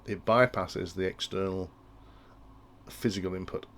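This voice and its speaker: A man's voice: low voice, steady tone, a little slow, a bit bright, slight background noise. A man explaining industrial control logic in a tutorial, thinking aloud and often restarting his sentences. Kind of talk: technical tutorial walkthrough.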